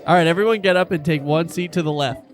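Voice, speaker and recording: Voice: mid-range voice, fast talker, over music. A tabletop game player talking in a playful, teasing way. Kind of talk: casual tabletop play.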